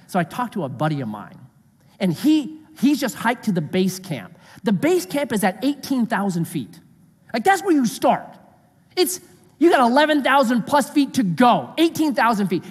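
Animated pastor preaching in a reverberant hall. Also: male voice, sits high, husky. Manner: conversational, animated storytelling with dramatic slow scripture reading. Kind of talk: sermon. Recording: echoey hall with long reverb.

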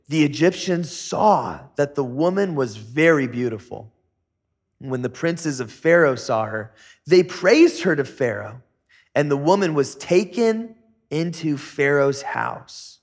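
Middle-aged guy pastor giving a sermon, kinda high voice, chatty and jokey. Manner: conversational, jokey asides with sudden high-pitched bursts.

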